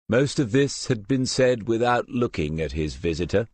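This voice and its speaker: A man narrating a detective novel audiobook in a measured, even storytelling manner. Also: fairly low pitch, no room sound. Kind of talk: scripted narration.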